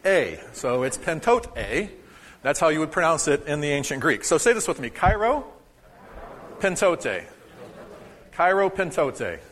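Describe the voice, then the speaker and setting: A man's voice: mid-range voice, a bit bright, long reverb tail. A man preaching a sermon to his congregation in a conversational, joking way, teaching a short lesson. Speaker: pastor. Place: church sanctuary.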